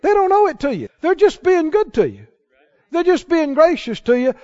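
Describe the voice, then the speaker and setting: A man's voice: extremely high pitch, big pitch swings, normal speed, dark tone. A man preaching a sermon, emphatic and asking his listeners questions as he goes. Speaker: pastor. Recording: dull lo-fi sermon recording.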